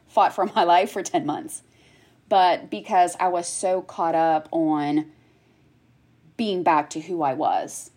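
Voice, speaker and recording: Woman with a deep low voice, heartfelt chat, lots of um and like. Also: darkish tone, breathy edge. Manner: emotional, heartfelt, many fillers. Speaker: guest, cancer survivor. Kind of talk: candid personal conversation.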